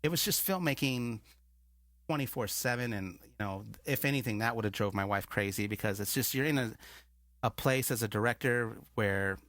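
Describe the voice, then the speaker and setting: A man's voice: medium pitch, moderate pace, no echo. A man, a filmmaker guest, telling a long story in casual chat and acting out the dialogue he quotes. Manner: animated, acts out quoted dialogue.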